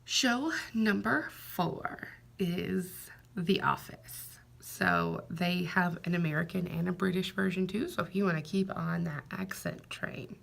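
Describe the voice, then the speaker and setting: Woman, young adult, vlogger, casual chat, soft half-whisper, low-pitched, raspy fry. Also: unhurried.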